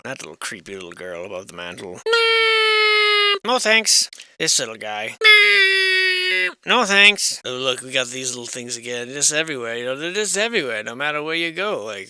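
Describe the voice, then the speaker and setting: A man's voice: mid-range voice, pushed and bright, smooth, no echo. A man giving casual, rambling commentary on old photographs of historic houses, sarcastic and irreverent, swearing freely and thinking aloud. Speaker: channel host.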